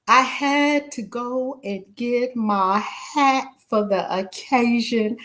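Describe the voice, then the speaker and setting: A woman author chatting casually on a livestream, full of excitement as she greets viewers one by one. Her voice sits slightly high and leaps up and down constantly. She often bursts out with loud, cheerful calls. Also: very slow, hardly any pauses. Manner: exuberant, shouts greetings to viewers by name.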